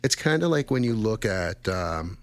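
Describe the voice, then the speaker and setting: A man's voice: lowish voice, sing-song, normal speed, no room sound. A man in his thirties co-hosting a radio show, chatting casually in a rambling, friendly way and laughing often. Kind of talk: casual chat.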